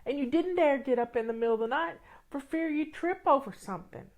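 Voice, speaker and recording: A woman on a casual livestream, chatting with viewers and answering comments. She sounds sniffly and teary, and her talk rambles with frequent restarts. Her voice sits a little on the high side. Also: brisk, a little mellow. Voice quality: emotional, sniffly, tearful. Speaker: livestream host.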